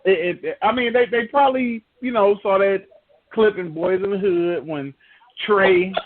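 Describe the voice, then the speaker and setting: A man with a notably high voice rambles through casual sports banter, piling up fillers and restarting his sentences. The sound is thin and narrow, like a phone line. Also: unhurried. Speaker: sports talk podcast host. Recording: tinny phone-like podcast audio.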